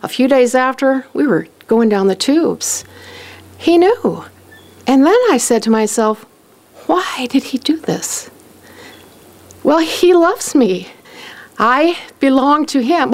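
A woman telling a personal story in a lively way, acting out the voices of the people in it and often laughing as she talks. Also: high-pitched. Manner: animated, acts out quoted voices; often laughs while talking.

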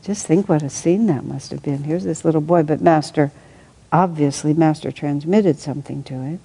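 Mellow-voiced woman reading and reflecting. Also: low-pitched, normal speed, gravelly, breathy edge, rough recording. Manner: reflective, thinking aloud with soft laughs. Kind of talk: reading aloud from a spiritual book with commentary.

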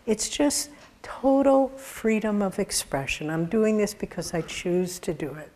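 A woman giving a sermon-style talk, telling spiritual stories in an earnest way with soft laughs. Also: lowish voice, lively intonation, measured pace.

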